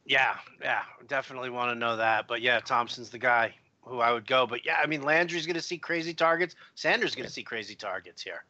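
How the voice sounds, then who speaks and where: A man's voice: mid-range voice, brisk, hardly any pauses, sharp tone, no echo. A man co-hosting a live fantasy football stream, giving picks casually and teasing his colleagues. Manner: jokey, teasing banter. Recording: dry, slightly dull lo-fi audio.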